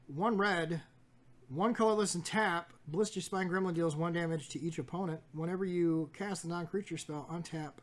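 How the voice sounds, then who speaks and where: A man hosting a casual pack-opening video, reading card text aloud with jokey asides and stumbles. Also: on the high side. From United States. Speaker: card shop host opening packs.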